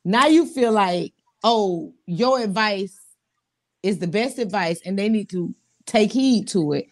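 A woman co-hosting a casual talk show, animated and laughing often. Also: medium pitch, unhurried. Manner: animated, laughs often, talks to the audience directly. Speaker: podcast co-host. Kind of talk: casual chat.

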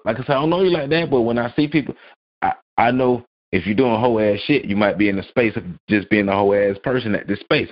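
Profane, blunt man ranting on a podcast. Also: lowish voice. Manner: profane, blunt, mocking, repeats phrases. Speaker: podcast host. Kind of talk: solo opinion rant. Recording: dull lo-fi audio.

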